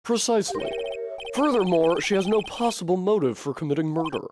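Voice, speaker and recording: A woman's voice: on the low side, animated, brisk, noisy background, voice pushed up, lightly acted. A woman voicing a fussy middle-aged male attorney in a put-on Midwestern American accent. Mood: smug.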